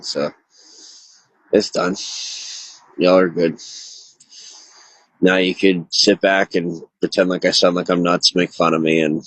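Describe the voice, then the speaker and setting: Deep husky distressed man rambling live. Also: dry recording, low-quality recording. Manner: rambling, heavy on filler words, self-interrupting. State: distressed, near tears. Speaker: livestreamer. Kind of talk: rambling live-stream monologue.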